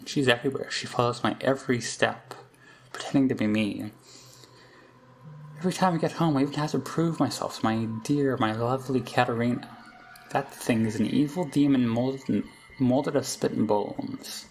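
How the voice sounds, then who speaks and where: A man reading aloud the lines of a frantic young girl who says her demonic double is hunting her, in a rushed, pleading way. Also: medium pitch, a little hiss or hum, close to an everyday voice. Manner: pleading, rushed, half-hysterical. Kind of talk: reading game dialogue aloud.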